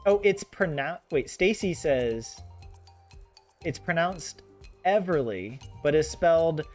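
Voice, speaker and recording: A man chats with his stream viewers in a loose, rambling way, laughing often. His pitch swings up and down with lots of life. Soft game music plays faintly behind him. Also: expressive, slow pace. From United States. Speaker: streamer playing a farming game. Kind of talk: casual chat with live viewers.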